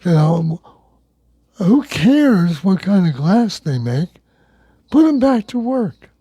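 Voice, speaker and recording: Dark-voiced male talk radio host. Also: high-pitched, big pitch swings, takes it slowly, breathy edge, no echo. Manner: conversational, wry, reads news items.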